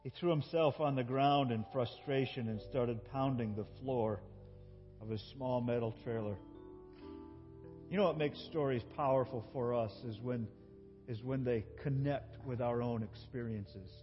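A man preaching a sermon as a pastor, telling a story and swinging between loud emotional peaks and soft, quiet passages. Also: medium pitch, measured pace, in a large hall, dull audio, faint music behind. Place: church.

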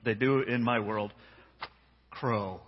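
A man preaching a sermon, acting out a Bible story with a playful, animated manner on a handheld mic in a church hall. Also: fairly low pitch, slow, a little hiss or hum. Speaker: pastor. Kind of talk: sermon with dramatized reading. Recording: dull sound, long hall reverb.

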